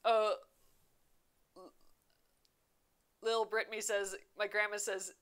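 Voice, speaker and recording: Young woman on a craft livestream, bright voice, chatty and laughing a lot while she reads comments. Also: mid-range voice, little pitch movement, slow, pauses often. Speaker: embroidery livestream host. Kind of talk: casual live chat reading comments.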